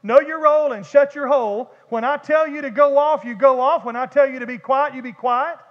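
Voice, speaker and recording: A man voicing a stern, commanding God who orders the forces of chaos to be quiet, in loud, clipped commands. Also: very high-pitched, fairly quick, pitched above the performer's own voice. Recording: dull echoey church hall.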